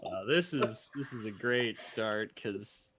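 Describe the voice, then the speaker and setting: A man's voice: fairly low pitch, slow, very noisy. A man playing a tabletop game with friends, easygoing and wry. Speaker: player. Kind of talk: casual play with friends.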